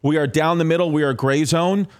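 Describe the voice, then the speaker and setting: A man's voice: on the high side, fairly even intonation, brisk, darkish tone, clean tone. A man hosting a podcast, rambling and joking in casual chat with plenty of fillers. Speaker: podcast host.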